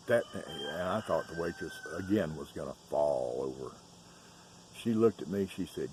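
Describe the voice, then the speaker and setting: A man's voice: low-pitched, huge pitch swings, moderate pace, dark tone, a little hiss or hum. A middle-aged man with a Southern Georgia accent, casually telling stories in a chatty, folksy way on his farm. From Southern United States. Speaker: farm vlogger. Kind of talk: casual storytelling chat. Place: outdoors on a rural farm.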